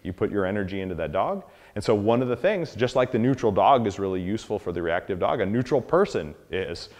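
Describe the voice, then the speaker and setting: A man giving a casual, animated dog-training lesson, acting out dogs and people in quick quoted voices. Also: lowish voice, long reverb tail. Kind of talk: casual instructional talk.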